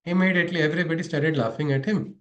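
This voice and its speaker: A man's voice: fairly high pitch, very fast, a bit bright, lo-fi sound. A man giving a spiritual lesson, telling stories, often chuckling and asking his audience questions. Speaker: spiritual teacher. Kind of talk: storytelling spiritual lecture. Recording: echoey room.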